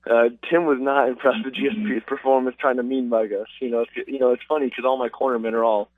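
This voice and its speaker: A man's voice: medium pitch, steady tone, fast, dry recording. A man, an MMA fighter, telling stories casually over the phone with lots of fillers. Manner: casual, rambling with many fillers. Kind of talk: phone interview storytelling. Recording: distant tinny phone line.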